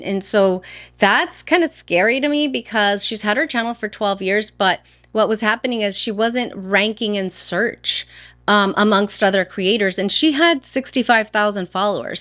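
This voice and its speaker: A woman talking straight to her audience as a beauty vlogger, chatty and enthusiastic. Her pitch sits in the middle range, and she fills her sentences with little "um"s and "like"s. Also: bright, forceful tone. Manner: chatty, enthusiastic, with frequent fillers. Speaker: beauty YouTuber. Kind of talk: casual chat to camera.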